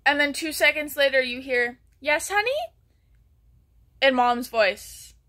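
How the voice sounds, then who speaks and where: High bright rambling woman vlogger. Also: steady tone, normal speed. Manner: rambling, full of ums and restarts, drops to a near whisper at times. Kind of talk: casual storytelling.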